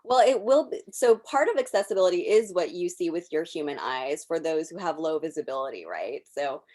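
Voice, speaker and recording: A woman presenting a workshop over a video call, explaining software step by step as she clicks through it. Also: low voice, lively intonation, a little fast. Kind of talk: live software demonstration.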